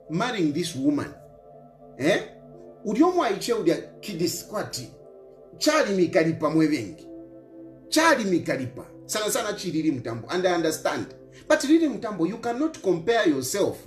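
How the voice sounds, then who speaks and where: A middle-aged man from Zambia with a Zambian accent, lecturing an opponent in a scolding monologue and repeating his points. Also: high-pitched. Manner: lecturing, repeats phrases, mixes local words into English. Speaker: opposition politician. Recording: roomy echo with faint music.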